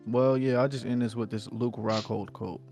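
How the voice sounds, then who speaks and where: A man from New Jersey talks in a relaxed, slangy way, circling back over the same points again and again. His voice has a gravelly, rough edge to it. Faint music plays behind him. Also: mid-range voice, normal speed. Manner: laid-back, repeats himself, slangy. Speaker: podcast co-host. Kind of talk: casual chat.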